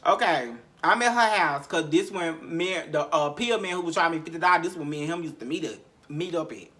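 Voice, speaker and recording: Bright-voiced man telling a raw story. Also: on the high side, brisk. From Memphis, Tennessee. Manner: profane, repetitive, heavy sighs, emotional recounting. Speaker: podcast host. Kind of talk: candid storytelling monologue.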